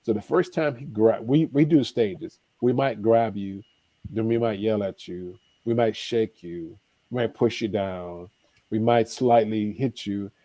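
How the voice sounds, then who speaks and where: A man's voice: lowish voice, a little slow, warm tone, no room sound. A man, a life coach, telling stories with emphatic repetition and acted-out dialogue in a preacherly manner. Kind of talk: animated storytelling advice.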